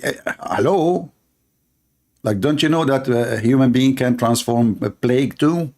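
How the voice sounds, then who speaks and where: A man with a medium-pitched, darkish voice hosts a show at normal speed. In non-native English, he mocks a clip with sarcastic, teasing commentary.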